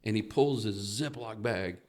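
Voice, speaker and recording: This guest comedian speaks at a measured pace in a lowish voice, spinning a lengthy story on a comedy podcast. He curses freely and brings the story to life by performing the lines of the people in it.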